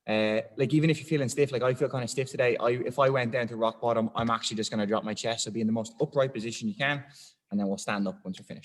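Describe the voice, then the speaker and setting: A man leads a weightlifting class at a middle pitch, talking people through each position. He encourages the group and counts down the holds. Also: fast, echoey room. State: out of breath. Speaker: weightlifting coach. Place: gym.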